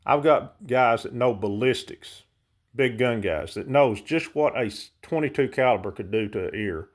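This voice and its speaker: Heated low-voiced man ranting. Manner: heated, ranting, speaks directly to viewers. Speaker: vlogger. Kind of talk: impassioned monologue to camera.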